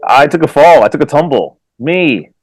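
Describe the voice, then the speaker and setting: A man with kids co-hosting a casual soccer podcast, animated and laughing often as he tells stories and slips into silly voices. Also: fairly high pitch, normal speed, soft background music. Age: adult with children. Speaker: podcast co-host. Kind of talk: casual chat.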